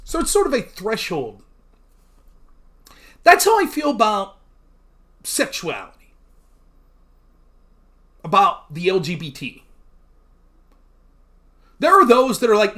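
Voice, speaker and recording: A man hosting a livestream, talking casually in a blunt, profane rant and pausing to thank chat viewers. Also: high voice, wildly swooping pitch, pushed and bright. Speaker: livestream host.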